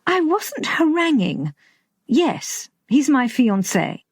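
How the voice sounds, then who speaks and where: A woman's voice: a little high, big pitch swings, slow pace, darkish tone, husky, dry recording, clean studio sound, voice pushed up, heavily acted. Woman voicing a fiery young woman. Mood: curt. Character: spirited young woman, quick-tempered and proud.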